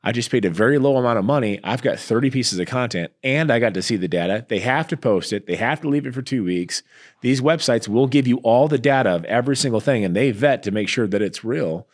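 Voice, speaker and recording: A middle-aged man, an entrepreneur guest in a casual business interview, talking in an animated way and acting out the exchanges he describes. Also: medium pitch, fast. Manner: animated storyteller, acts out quoted exchanges.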